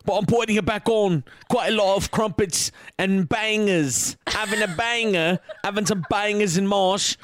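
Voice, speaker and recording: A man voicing a bumbling, mournful male chimney sweep with an exaggerated Cockney accent, talking briskly. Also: high-pitched, no echo, lightly acted. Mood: mock-mournful. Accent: put-on Cockney. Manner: brisk, exaggerated, self-pitying clowning.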